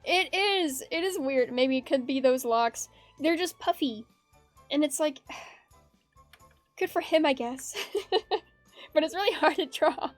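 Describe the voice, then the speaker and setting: Woman, art streamer, high-pitched and giggly, loose rambling chat, dry close sound. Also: takes it slowly, long pauses, dry recording. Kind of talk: casual chat while drawing. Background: faint background music.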